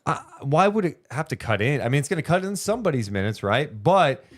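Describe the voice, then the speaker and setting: A man's voice: on the high side, sing-song, brisk. A man co-hosting a casual sports talk livestream, working through standings math and reading viewer donations aloud. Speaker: sports podcast co-host.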